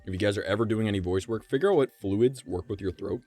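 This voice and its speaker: A man streaming from home, chatting casually with a gravelly, vibrating voice, rambling and swearing. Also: lowish voice, fast, a little mellow, no echo, soft background music. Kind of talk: casual live-stream chat.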